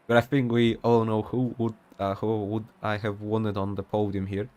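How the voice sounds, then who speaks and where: A man's voice: lowish voice, flat delivery, unhurried, a little mellow. A young man commentating an online sim race in a casual, rambling way, with many fillers and off-topic asides.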